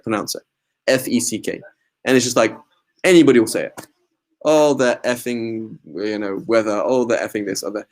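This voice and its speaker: A man's voice: lowish voice, darkish tone. A man giving an informal religious class in a mosque, talking conversationally, often checking in with "right?" and mixing in Arabic religious terms. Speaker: religious teacher.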